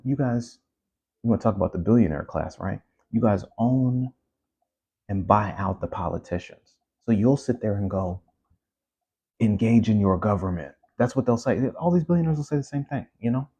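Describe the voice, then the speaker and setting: A man's voice: on the low side, dark tone, breathy edge, muffled recording. A man hosting his own show, ranting in a casual commentary monologue with many restarts and asides. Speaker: podcast host.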